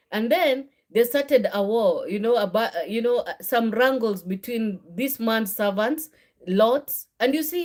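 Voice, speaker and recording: A woman's voice: medium pitch, a little mellow. A woman giving an informal Bible teaching, earnest and conversational, often ending phrases with a questioning "okay?" and correcting herself as she goes. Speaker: faith and marriage channel host.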